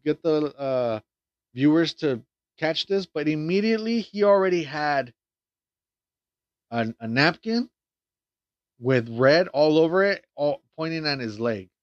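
A man's voice: a little high, lively intonation, a little slow, long pauses, no room sound. A man giving a casual plot recap and review of a film, rambling with lots of fillers and restarts and frequent swearing. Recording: dull lo-fi dry sound.

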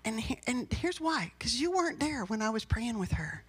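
A woman's voice: on the high side, big pitch swings, normal speed, slightly rough. A woman pastor giving a sermon in a personal, conversational way, rising into emphatic bursts.

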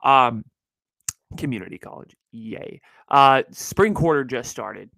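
Lively young man hosting a podcast. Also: mid-range voice, slow, gravelly, dry recording, rough recording. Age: young adult. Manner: energetic, slangy, chatty. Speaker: podcast host. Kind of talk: casual chat. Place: indoors at his parents' house.

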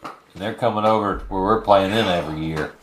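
A man's voice: low voice, fairly quick, fairly bright tone, a little hiss or hum. A man co-hosting a casual sports chat, mostly chiming in with short agreeing interjections. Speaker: sports podcast co-host.

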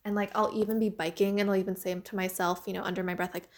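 A young woman talks casually and earnestly about pushing past self-doubt. Her speech is loose and chatty, full of "like" and "you know". Her voice sits in a middle pitch for a woman. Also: flat delivery, quick pace, few pauses. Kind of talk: casual motivational monologue.

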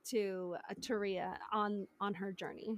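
A woman's voice: mid-range voice, flat delivery, a little slow. A woman hosting a podcast in casual chat, talking freely with lots of fillers and frequent laughter. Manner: chatty, laughs often, lots of "like" and "you know". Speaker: podcast host.

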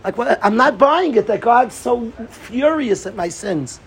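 A middle-aged man giving an informal Torah talk to a group, excitable and repetitive, often restarting his sentences. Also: very high voice, unhurried, slight background noise. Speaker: Torah teacher.

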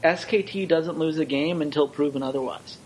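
A man co-hosting an esports podcast, chatting casually with quick, wry jokes. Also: on the high side, darkish tone, slight background noise, low-quality recording.

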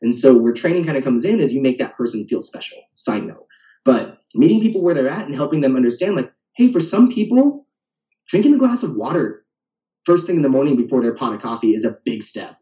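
A man's voice: medium pitch, expressive, fast talker, warm tone. A man, a fitness coach, talking casually on a podcast and ending his points with "right?". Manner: talkative, ends points with "right?". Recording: roomy, distant, dull lo-fi sound.

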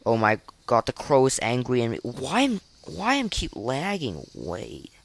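A man's voice: medium pitch, big pitch swings, measured pace, slight background noise. A young man giving live gameplay commentary, flustered and self-deprecating, full of fillers and restarts. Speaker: gaming podcaster.

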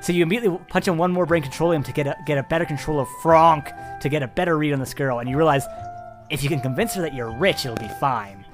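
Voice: medium pitch, quick pace, soft background music. Giggly, rambling game master. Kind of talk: narrating a tabletop game.

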